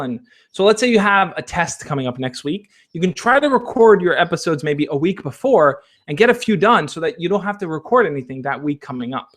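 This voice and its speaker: Male advice host, voice a little on the high side, casual Q&A, encouraging and chatty. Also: a bit bright. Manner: encouraging, coach-like advice giving; conversational, checks in with listeners. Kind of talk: casual Q&A livestream.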